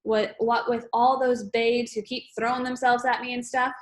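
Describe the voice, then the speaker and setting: A woman's voice: on the high side, flat delivery, normal speed, close to an everyday voice. A woman doing a dry, wisecracking schoolboy, Augie. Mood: wry. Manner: dry, joking. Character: sarcastic, witty schoolboy.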